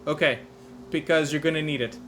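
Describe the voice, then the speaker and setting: Unhurried man running a tabletop game. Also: fairly high pitch, steady tone, a bit bright, soft background music. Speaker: game master.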